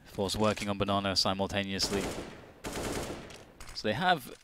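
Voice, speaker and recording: A man's voice: lowish voice, moderate pace, background noise. Chatty male esports analyst. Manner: chatty, thinking aloud. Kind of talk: color commentary.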